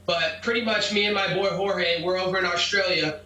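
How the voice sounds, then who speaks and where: A brash, combative man with a high, bright voice recounts events in an interview, cursing freely. The sound is echoey, and he is heard from some distance off the mic. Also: steady tone, brisk. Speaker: MMA fighter. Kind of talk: interview, telling a story.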